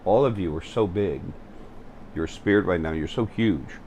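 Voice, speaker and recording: Deep-voiced halting man. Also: darkish tone, a little hiss or hum. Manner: halting, full of fillers and restarts. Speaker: channel host. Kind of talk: spiritual vlog monologue. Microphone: facing the camera.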